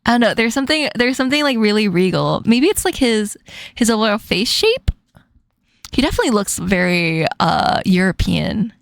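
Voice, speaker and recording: A woman's voice: medium pitch, sing-song, normal speed, creaky, dry recording. A woman commentating on clips in a casual reaction stream, giggling often between remarks.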